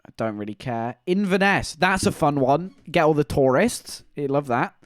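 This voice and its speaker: A man's voice: a little high, normal speed, no room sound, studio quality. A man, streaming live and chatting in a rambling, joking way. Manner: rambling, joking, animated storytelling. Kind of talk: casual live-stream chat.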